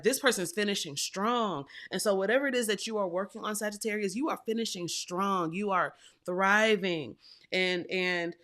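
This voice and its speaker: A woman's voice: lowish voice, a bit bright. Chatty woman giving a tarot reading. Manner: chatty and affectionate, addresses viewers as y'all and baby; emphatic repetition of phrases. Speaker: tarot reader. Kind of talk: casual tarot reading to viewers.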